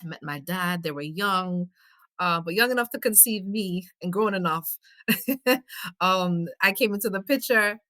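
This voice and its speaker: A woman's voice: fairly low pitch, measured pace, bright, forceful tone, no echo. A middle-aged woman from Belize with a mix of New York and Caribbean accents, chatting as a personable podcast guest telling stories. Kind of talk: casual podcast chat.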